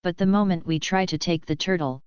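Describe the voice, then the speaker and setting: A woman reading the lines of a calm, commanding young male gang leader in a storybook audiobook, firm and measured. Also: fairly low pitch, smooth, no room sound, muffled recording, natural voice.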